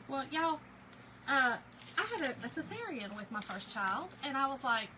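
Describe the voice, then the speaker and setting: A woman's voice: high voice, lively intonation, unhurried. A middle-aged woman, telling a story on a live stream in a chatty, laughing way and talking to viewers as y'all. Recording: background noise with a hair dryer.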